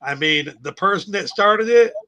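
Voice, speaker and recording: Man, radio co-host, bright tense voice, high pitch, blunt and swearing. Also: expressive, moderate pace. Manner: blunt, swearing, laughing asides. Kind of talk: casual radio talk.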